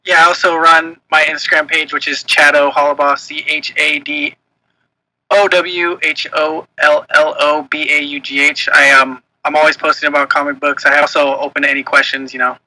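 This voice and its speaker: A man's voice: fairly high pitch, little pitch movement, moderate pace, sharp tone, no room sound, low-quality recording. A young man co-hosting a casual podcast chat, blunt and emphatic, swearing freely. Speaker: podcast co-host.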